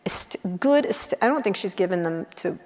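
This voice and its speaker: A middle-aged woman journalist chatting casually on stage, blunt and wry, telling quick animated stories with asides. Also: mid-range voice. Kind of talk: casual onstage conversation. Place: large university auditorium. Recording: long auditorium reverb.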